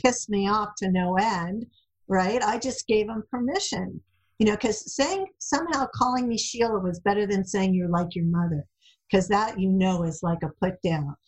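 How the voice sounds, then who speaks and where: Middle-aged woman guest, husky, animated storyteller, mid pitch. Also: normal speed, poor audio. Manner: animated storyteller, acts out quotes. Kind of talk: casual interview chat.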